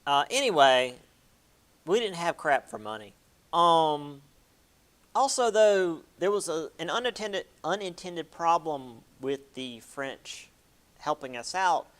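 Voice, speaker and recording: A man's voice: on the high side, animated, unhurried, a bit bright. A man giving a casual history lecture, chatty, with many fillers and playful quoted asides.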